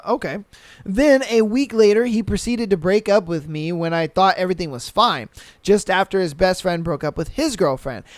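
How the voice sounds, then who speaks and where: A young man hosting a podcast, reading listener stories aloud and reacting with animated, profane commentary. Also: high-pitched, smooth, no echo. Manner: animated, swears a lot, mocks with put-on quotes. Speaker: podcast host.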